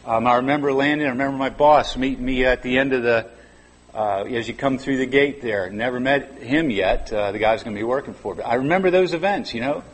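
A man's voice: mid-range voice, a little fast, long reverb tail. A man in his fifties preaching a sermon in a church, conversational and drawing out key words for emphasis. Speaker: pastor. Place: church sanctuary.

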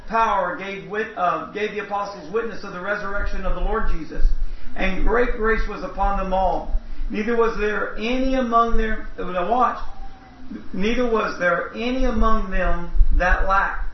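A man with a fairly high voice preaches, reading scripture aloud and firing questions at the congregation. He sounds distant in a roomy hall, and the dull lo-fi recording carries faint hiss. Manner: reads long passages aloud, breaks in with quick questions to the audience.

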